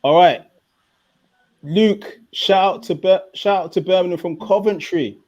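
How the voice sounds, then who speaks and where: An English man hosts a live fan watchalong in a loose, chatty way, reading viewer comments aloud between his own remarks. His voice sits a little high and has a warm, mellow tone. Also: a little slow, lo-fi sound. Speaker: host. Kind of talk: casual live watchalong chat.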